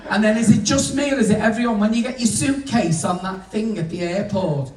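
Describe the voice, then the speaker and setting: A man's voice: sits high, a little fast. A man doing bawdy stand-up comedy on a cruise ship, chatting to the crowd. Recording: echoey room, distant mic, noisy.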